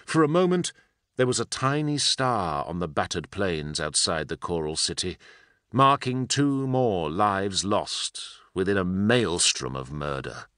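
A man's voice: sits low, unhurried, no room sound, studio quality. Man giving a theatrical dramatic reading. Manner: expressive, theatrical. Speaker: guest reader.

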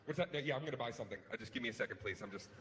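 A man performing a stand-up comedy routine on stage, animated, swinging between hushed mutters and shouted rants. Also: medium pitch, rapid-fire. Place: large comedy venue. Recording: live hall with crowd noise. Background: audience laughter.

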